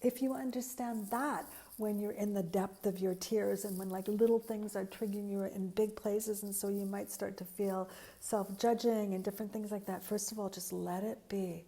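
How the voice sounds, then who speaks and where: A woman's voice: mid-range voice, steady tone, normal speed, warm tone. A woman giving an earnest, reflective spiritual talk, searching for words with frequent fillers and restarts. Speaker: spiritual teacher.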